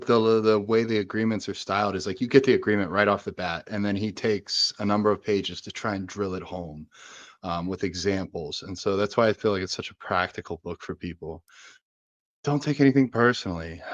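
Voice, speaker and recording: A man's voice: lowish voice, highs cut off. A man co-hosting a podcast, talking casually and searching aloud for examples as he rambles. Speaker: podcast co-host.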